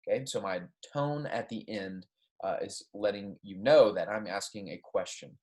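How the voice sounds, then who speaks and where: A man's voice: lowish voice, normal speed, darkish tone. A man teaching a Spanish lesson, explaining patiently and often checking in with his students. He reads the Spanish example sentences aloud with exaggerated intonation. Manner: patient, explanatory, frequent "okay?" and "right?" check-ins. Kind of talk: recorded classroom lecture.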